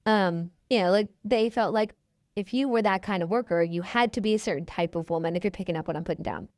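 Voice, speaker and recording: A woman's voice: medium pitch, fast, no room sound, clean studio sound. A woman in her twenties, a podcast guest telling her story in a casual, chatty way and acting out the people she quotes. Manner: chatty, quotes people in their own voices.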